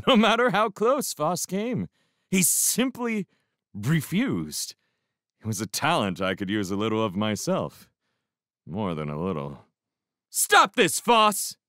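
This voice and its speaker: A man reading a novel aloud as an audiobook narrator, measured and expressive. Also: fairly low pitch, no echo, studio quality. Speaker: audiobook reader.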